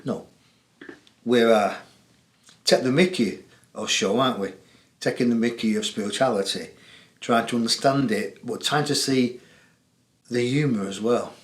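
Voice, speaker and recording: A man's voice: mid-range voice, unhurried, pauses often. Jokey English man hosting in an echoey room. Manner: chatty, jokey, laughs often. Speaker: host of a spiritual call-in show. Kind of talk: casual monologue to viewers.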